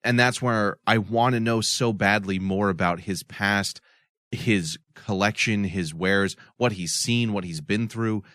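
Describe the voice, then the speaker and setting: A man co-hosting a casual podcast, thinking out loud at length about a TV episode with many restarts. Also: on the low side, a little slow, no echo, studio quality. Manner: thoughtful, explains at length with restarts. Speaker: podcast co-host.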